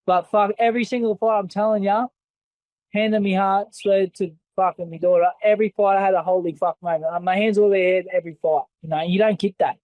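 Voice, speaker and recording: A man's voice: high voice, fairly even intonation, quick pace, no echo, phone-quality sound. An Australian man, a former fighter, telling stories in an interview in a blunt, rambling and heavily profane way. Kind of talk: casual interview storytelling.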